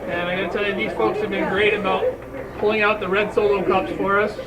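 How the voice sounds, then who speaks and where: A man's voice: sits high, little pitch movement, fast talker, noisy background. A man speaking as a bowling coach at a team ceremony, folksy and joking. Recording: crowded bowling alley from far off.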